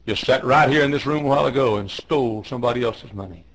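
A man's voice: quick pace, rough recording. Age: 50s. Sex: man. Role: fiery preacher. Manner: swings from hushed low tones to shouted, rising cries, hammering repeated commands. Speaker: pastor. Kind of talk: fiery sermon. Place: church auditorium.

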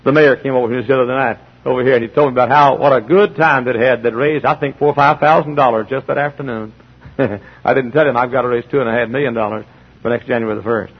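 Man, middle-aged, emphatic preaching, husky voice, dull lo-fi recording. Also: mid-range voice, steady tone, fast talker. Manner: emphatic preaching with repetitions, acting out dialogue. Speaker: pastor. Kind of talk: sermon.

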